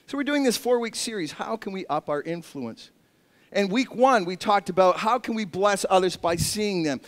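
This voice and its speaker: High-voiced pastor with a lively preaching style. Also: male voice, moderate pace, long reverb tail. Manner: animated storytelling with self-mocking humor. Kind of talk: sermon.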